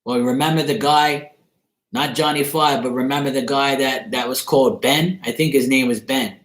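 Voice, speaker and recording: A man of middle pitch rants casually to his viewers, swearing freely and breaking into laughter as he tells his story. His voice rings in a roomy, echoey space. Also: normal speed. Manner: profane, laughing, animated storytelling. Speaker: tarot channel host. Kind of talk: casual rant to camera. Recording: roomy echo.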